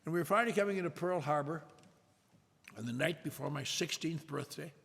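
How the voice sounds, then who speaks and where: An older man telling a self-mocking story to an audience at a recovery meeting, with a wry, drawn-out delivery. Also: fairly high pitch, gravelly, fairly bright tone, husky. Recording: echoey hall with faint noise.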